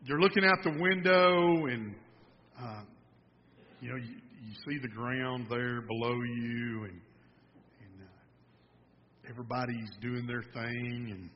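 A man's voice: mid-range voice, slow pace, long pauses. A man preaching a sermon, telling a folksy story and joking with the congregation. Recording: dull sound with long reverb in a hall.

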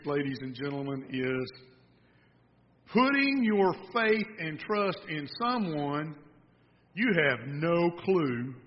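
A man preaching a sermon, telling a folksy story and joking with the congregation. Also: fairly high pitch. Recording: dull sound with long reverb in a hall.

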